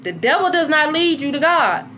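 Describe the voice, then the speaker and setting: A woman talking in a casual, animated monologue as a spiritual content creator, cursing freely and swinging between low and high tones. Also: normal speed, a little hiss or hum.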